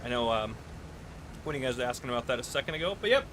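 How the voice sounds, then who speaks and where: A man's voice: medium pitch, animated, rapid-fire, a bit bright, slight background noise, rough recording. A man chatting casually on a live gaming stream, telling stories, reading chat aloud and laughing often.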